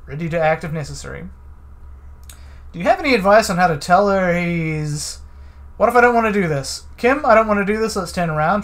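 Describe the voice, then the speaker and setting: A young man streaming a game, casually reading its text and choices aloud with animated delivery. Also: on the high side. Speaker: let's play streamer.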